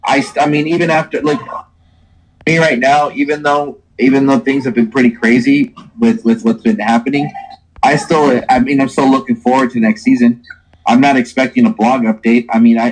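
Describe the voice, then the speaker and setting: Male player, husky voice, hesitant and reflective in casual chat. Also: mid-range voice, steady tone, a little fast, rough recording. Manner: thoughtful, hesitant, many fillers. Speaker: player on a gaming stream.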